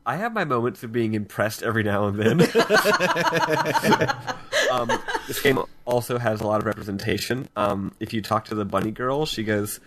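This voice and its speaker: A man's voice: lowish voice, big pitch swings, fairly quick, fairly bright tone. A man chatting casually as a podcast co-host, telling stories with laughs and quoting game characters. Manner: laughing storyteller who quotes game characters. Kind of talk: casual chat.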